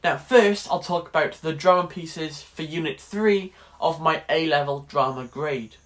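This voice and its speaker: A man's voice: a little high, unhurried, fairly bright tone. A young man in his late teens chatting wryly in a casual vlog about his drama course. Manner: chatty and wry, restarts sentences. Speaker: drama student vlogger.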